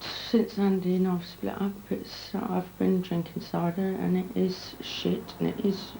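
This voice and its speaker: Blunt woman, mellow voice. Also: on the low side, flat delivery, measured pace, creaky, a little hiss or hum, rough recording. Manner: blunt, frank and profane. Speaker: documentary subject. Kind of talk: candid documentary interview.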